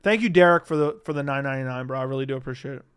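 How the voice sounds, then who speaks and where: With a medium-pitched, clear, resonant voice, a young adult man races through casual, profane chatter on his live stream, reading chat comments out loud. The recording is dry and studio quality.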